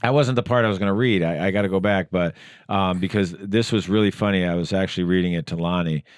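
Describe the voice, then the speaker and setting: A man hosting a podcast, spinning an animated story in relaxed, casual chat. His voice sits on the low side and is recorded close and dry in a studio, with no room sound. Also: quick pace, clean tone, no echo. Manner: animated storyteller who reads text messages aloud. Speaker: podcast host.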